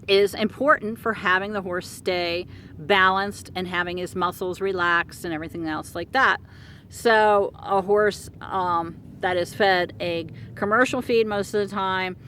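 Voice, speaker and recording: A middle-aged woman casually telling a long story about her work with horses, rambling and animated, with many fillers and restarts. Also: medium pitch, a little hiss or hum. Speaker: horse care practitioner telling a client story.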